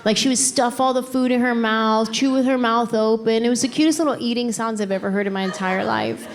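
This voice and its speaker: A middle-aged woman doing stand-up comedy on stage through a handheld mic, telling her stories in an exasperated, animated, playful way. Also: a little high, fairly quick. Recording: live comedy show with laughing crowd. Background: audience laughter and applause.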